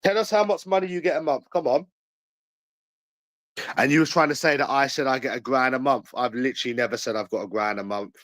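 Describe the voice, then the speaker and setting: A man with a London accent, ranting angrily to camera in a repetitive, jeering way that breaks into shouts. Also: medium pitch, brisk, dry recording, rough recording. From England. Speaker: channel owner. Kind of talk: angry ranting monologue to camera.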